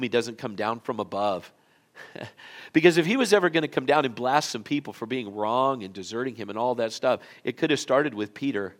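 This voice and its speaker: In an auditorium, a man preaches a sermon, narrating the story folksily and conversationally, with his volume rising and falling. He speaks at a medium pitch.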